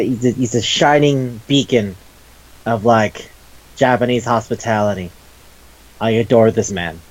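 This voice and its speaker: A man's voice: mid-range voice, highs cut off. A man co-hosting a casual chat show about manga, enthusiastic and profane, rambling with restarts. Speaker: podcast co-host.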